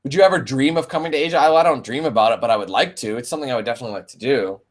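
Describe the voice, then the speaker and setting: A Canadian streamer in his twenties rattles off answers to viewer questions at rapid-fire speed in a mid-range voice. The chat is casual and full of profanity, and he keeps it easygoing, calling everyone "man" or "bro."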